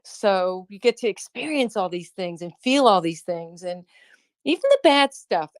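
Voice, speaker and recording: A woman speaks as a guest in an online chat, thinking aloud and restarting her phrases. Her voice sits at an ordinary middle pitch. The sound is dry and close, with no room around it. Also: animated, no room sound. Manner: warm, reflective, halting with restarts. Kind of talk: casual chat.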